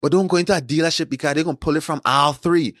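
A man casually telling stories about fixing credit, acting out phone calls with excited, animated voices. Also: a little high, racing, dry recording, clean studio sound. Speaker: credit repair entrepreneur, podcast guest. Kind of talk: casual storytelling chat.

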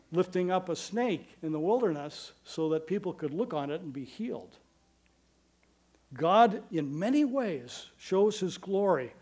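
A man preaching a sermon as pastor, earnest and emphatic, with quick asides and slow stressed phrases. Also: high voice, a little mellow.

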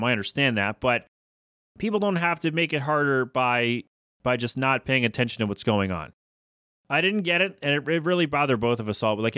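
A man in the middle of a pitch, ranting on his solo podcast, rambling along and then climbing into incredulous, exasperated outbursts. The recording is dry and close, with no room sound. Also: a bit bright, dry recording. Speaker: podcast host.

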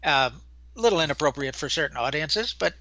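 An older man co-hosting a casual chat, talking earnestly and telling stories in a measured way. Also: on the high side, animated, sharp tone, dry recording. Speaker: co-host.

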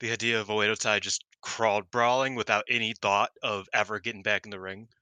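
A man co-hosting a wrestling podcast in casual chat, animated and laughing often, swearing and acting out quotes. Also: lowish voice, a little fast, clear, resonant tone, no room sound. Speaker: podcast co-host.

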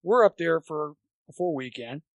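A man's voice: fairly high pitch, normal speed, no echo. An older man telling baseball coaching anecdotes in a casual podcast chat, acting out what people said. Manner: animated anecdote teller, acts out quotes. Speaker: podcast guest, former college baseball coach.

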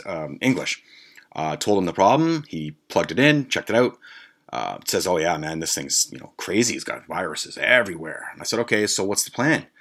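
With a low voice and fairly bright tone, an adult man hosting a podcast, one who has a grandmother, spins a long, meandering tale. Restarts, fillers and heavy swearing mark his casual rant.

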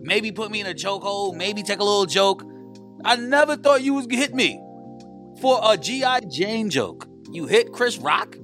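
A man hosting a podcast, ranting in a profane, animated comedic riff before welcoming a guest. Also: sits high, normal speed, faint music behind. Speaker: podcast host.

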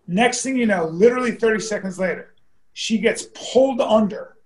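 A man's voice: high voice, moderate pace. A man telling stories in casual talk, profane and rambling, acting out what people said. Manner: profane, rambling storyteller who acts out quotes. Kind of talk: casual storytelling chat. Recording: roomy echo.

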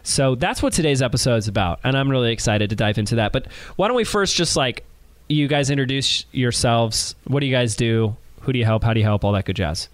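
A man's voice: mid-range voice, lively intonation, fairly quick, no echo. A man hosting a podcast in an upbeat, emphatic, friendly way, introducing his guests. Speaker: podcast host.

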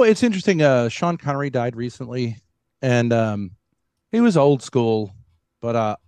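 A man on a debate panel, talking haltingly with many stops and restarts as he argues. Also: mid-range voice, dark tone, dry recording. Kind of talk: heated debate.

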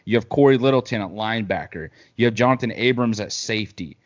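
A man's voice: lowish voice, quick pace, muffled recording. A man co-hosting a casual sports talk show, rambling through football picks with plenty of fillers. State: hiccups. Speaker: podcast co-host.

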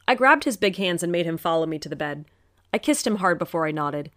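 Earnest woman narrating a story, lowish voice. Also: animated, fast, a bit bright, dry recording, clean studio sound. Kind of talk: first-person story narration.

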